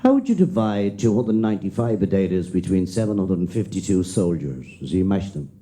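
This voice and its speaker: A male stand-up comedian with an Irish accent, telling jokes in a lively storytelling way on a live stage. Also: low-pitched, a little fast, a little hiss or hum. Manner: lively storytelling, punchline delivery.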